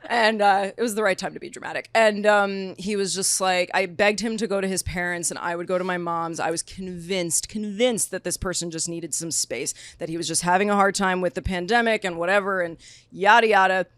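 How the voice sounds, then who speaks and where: A young woman, a podcast guest, telling a personal story in casual chat, animated and acting out quotes with lots of fillers. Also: fairly low pitch, fairly quick, no room sound. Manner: animated storyteller, acts out quotes, many likes.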